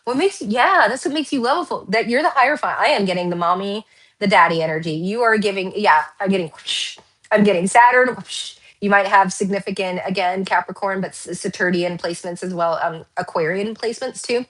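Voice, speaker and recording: Woman, host of a tarot channel, loose and excitable delivery that wanders off on tangents. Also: medium pitch, a little fast. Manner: rambling, excitable, laughs often, tangents. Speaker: tarot card reader. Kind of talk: casual pick-a-card tarot reading.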